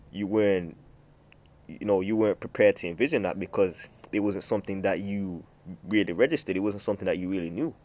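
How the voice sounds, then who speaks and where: A man's voice: sits low, a little mellow. A man preaching from scripture in a loose, rambling way, full of fillers, restarts and the word "man". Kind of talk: informal scripture teaching.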